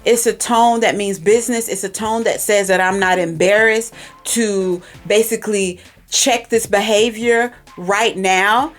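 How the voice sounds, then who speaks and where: A woman's voice: mid-range voice, fairly even intonation, unhurried, soft background music. A woman hosting a podcast, giving casual, direct parenting advice and repeating herself for emphasis. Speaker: podcast host. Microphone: recorded for podcast and video, facing camera.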